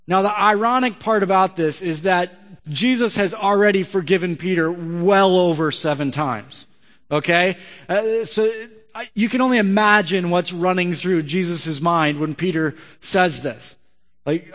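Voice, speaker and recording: A man's voice: high-pitched, unhurried, fairly bright tone. A male pastor preaching a sermon in a conversational way, often asking the audience questions. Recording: long reverb of a large hall.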